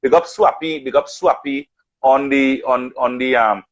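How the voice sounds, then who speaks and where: In casual conversation, a man recounts stories from his music career, acting out what other people said. He's a radio announcer and artist with a mid-range voice, speaking a little slowly on dull-sounding audio, and he tells his tales with animation.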